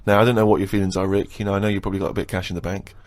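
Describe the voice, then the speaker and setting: A man's voice: low-pitched, little pitch movement, rapid-fire, no room sound. A man co-hosting a casual radio chat, teasing a friend in a dry, mock-aggrieved way.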